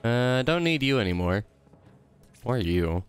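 A man's voice: sing-song, a little slow, clear, resonant tone, soft background music. A young man commentating his own video game play, rambling and joking to himself. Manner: goofy, silly rambling with sudden high squeals. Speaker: gaming YouTuber.

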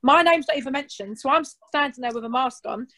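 A woman's voice: high-pitched, a little fast, pushed and bright. A young woman chatting as a reality show guest, outspoken and swearing, acting out what others said to her. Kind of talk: casual chat.

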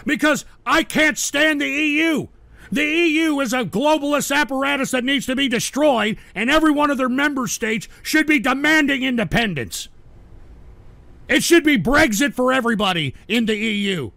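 A man's voice: very high voice, animated, moderate pace, creaky, sharp tone, no echo. A man hosting a livestream show, reading viewer donations and ranting at trolls with irritable, profane outbursts. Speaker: host.

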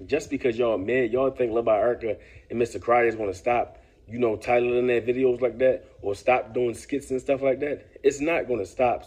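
A man's voice: medium pitch, warm tone, slightly rough. A man giving casual vlog commentary, laid-back and lecturing, often tossing in "man" and "bruh". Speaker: commentary vlogger.

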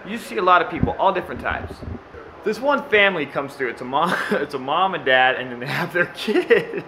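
A man's voice: a little high, animated, fairly quick, background noise. A man who works as a screen printer, talking casually to the camera in his shop and telling stories by acting out the people in them. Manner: rambling storyteller, acts out quotes.

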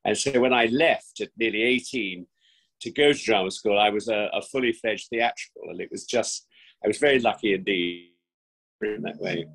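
The audio is poor as this sixty-something West Country actor talks from home in lockdown during a remote interview. Gravelly, a bit bright, and on the low side, he speaks at a moderate pace, effusive and theatrical, frequently starting over.

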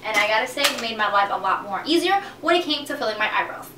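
Casting note: young woman beauty vlogger, high and bright, casual and effusive, roomy echo. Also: expressive, quick pace, recorded from a distance, noisy background. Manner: chatty and gushing, calls products "baby". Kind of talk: casual product review.

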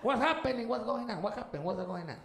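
A panicky, bewildered uncle, as a man puts him on, firing flustered questions. The voice shoots high and swings widely in an echoey, noisy room. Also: animated, fast talker, gravelly. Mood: frantic. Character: confused, panicky Mexican uncle with a bad hip. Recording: echoey room with background noise.

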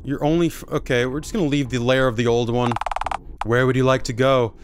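A man's voice: medium pitch, fairly even intonation, a little fast, noisy background. A man commenting sarcastically and swearing freely as he plays through a game. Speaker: streamer playing a game. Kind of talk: let's play commentary. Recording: game music behind.

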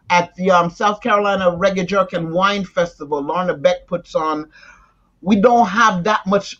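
A woman with a Jamaican accent, raised partly in Jamaica, chatting in an interview and slipping into patois. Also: medium pitch. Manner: animated, switching into patois. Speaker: interview guest. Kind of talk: casual conversation. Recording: dull lo-fi audio.

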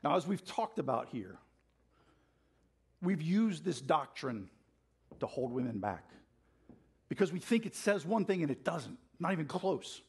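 Husky-voiced man preaching with fire. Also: a little high, very animated, unhurried, long pauses. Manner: passionate, fired-up preaching with call-and-response. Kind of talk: sermon. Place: church sanctuary.

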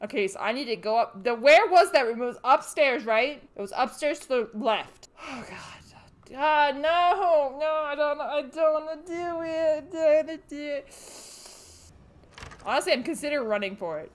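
A woman streaming a horror video game, giving jumpy, excitable commentary and shouting back at the game's characters when she gets scared. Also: sits high, normal speed. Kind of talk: let's play commentary.

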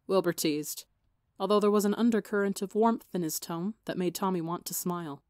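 Woman narrator for audiobook fiction, slightly gravelly, low voice, dry close sound. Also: brisk, no echo. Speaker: podcast fiction reader.

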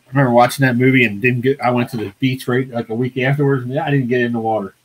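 A man's voice: medium pitch, steady tone, fast talker, slightly rough, rough recording. A man co-hosting a live online auction, chatting casually, telling stories and calling out bids between laughs. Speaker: auctioneer co-host.

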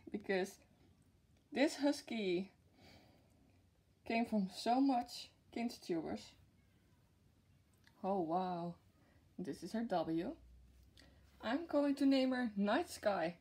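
A woman's voice: mid-range voice, warm tone, slightly rough. A young woman vlogging an unboxing in casual chat to camera, gushing and giggly. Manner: gushing and giggly, with frequent laughs. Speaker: vlogger showing a plush unboxing.

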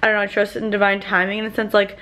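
A woman's voice: medium pitch, monotone, racing, pushed and bright. A woman vlogging in a rambling, chatty way, full of filler "like"s, sounding tired at the end of the day. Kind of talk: casual vlog chat.

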